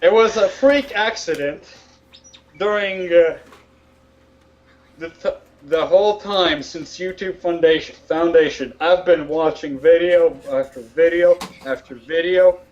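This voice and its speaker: High-voiced man, blunt and lo-fi. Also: darkish tone. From Latvia. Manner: blunt, swears, fast bursts. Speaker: podcast co-host. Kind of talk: casual chat. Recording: dull lo-fi audio.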